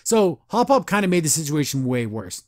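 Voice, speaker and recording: A man's voice: on the high side, sing-song, no room sound, clean studio sound. A man hosting a podcast, casually recapping a cartoon episode in a chatty, gushing way with frequent laughs. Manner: chatty and gushing, often laughing, acts out characters in quick voices.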